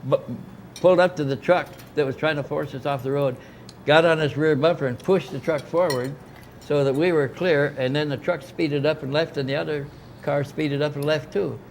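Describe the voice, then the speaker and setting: A man's voice: fairly high pitch, steady tone, normal speed, a little hiss or hum. An older man casually recounting a long story, acting out the voices of people he quotes. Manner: rambling anecdotal, acts out quoted dialogue. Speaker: interviewee recounting experiences.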